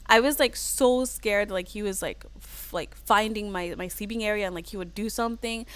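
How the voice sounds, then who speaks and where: A woman's voice: medium pitch, normal speed. A young woman from the United States chatting casually on her livestream, laughing often and acting out the lines of people she quotes. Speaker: livestream host.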